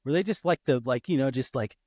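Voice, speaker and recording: A man in his thirties hosting a casual podcast interview, lively and quick to act out his kids' voices. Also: medium pitch, no echo, studio quality. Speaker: podcast host.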